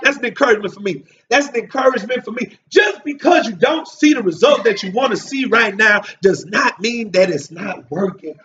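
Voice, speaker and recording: A male pastor preaching a sermon, shouting emphatic lines and drawing responses from the listeners. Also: high-pitched, lively intonation, fairly quick, hardly any pauses. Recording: distant mic, dull lo-fi sound.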